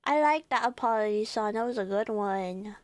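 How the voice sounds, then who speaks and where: A woman's voice: medium pitch, normal speed. A woman streamer chatting casually and teasing, with giggly reactions to clips. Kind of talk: casual chat.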